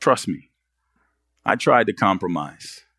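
A man's voice: fairly low pitch, animated, slow pace, vocal fry, sharp tone, dry recording, clean studio sound. A man preaching a sermon as pastor, pressing the congregation with earnest rhetorical questions.

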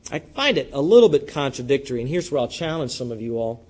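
A male pastor, preaching a sermon to his congregation and swinging between loud, emphatic lines and quiet asides. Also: medium pitch, sing-song, fast.

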